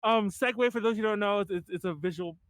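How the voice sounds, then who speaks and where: A man's voice: sits high, fast talker, a bit bright, dry recording. A man hosting a podcast in casual chat, rambling with many fillers and restarts. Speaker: podcast host.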